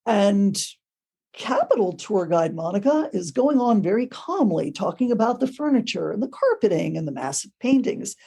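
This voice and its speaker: A woman guest on a podcast, a ghost tour guide, telling stories in a casual, animated way. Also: medium pitch, normal speed, creaky, husky. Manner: animated, acts out quoted voices. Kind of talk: casual storytelling.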